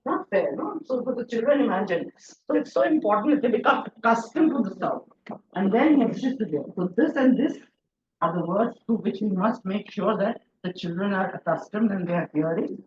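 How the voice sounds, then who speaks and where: A woman's voice: mid-range voice, animated, fairly quick, darkish tone, a little hiss or hum. A woman with an Indian English accent, leading a pronunciation workshop for teachers in a chatty, encouraging way. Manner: encouraging, chatty, praises often. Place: classroom or hall. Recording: echoey, distant, dull sound.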